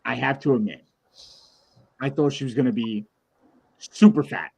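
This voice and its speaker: A podcast co-host tells a personal story in loose, casual chat, acting out every voice in it and swearing freely. His ordinary mid-range voice is creaky, darkish and slightly rough, at a normal speed.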